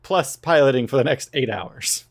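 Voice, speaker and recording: A man's voice: mid-range voice, expressive, moderate pace. A man voicing a blunt, decisive male starship captain who gives curt, profane orders. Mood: commanding.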